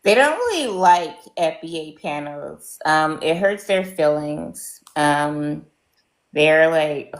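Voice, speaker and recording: A woman's voice: sits low, expressive, slow pace, echoey room, rough recording. A woman speaking bluntly and scornfully on an online panel, with many ums and restarts. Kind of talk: opinionated online panel talk.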